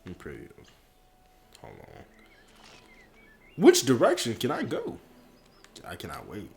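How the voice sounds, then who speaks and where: A young man casually commenting while he streams a video game, talking to his chat in animated slang from home. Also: on the low side, slow, vocal fry, breathy edge. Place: indoors at home. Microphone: headphones on, streaming setup.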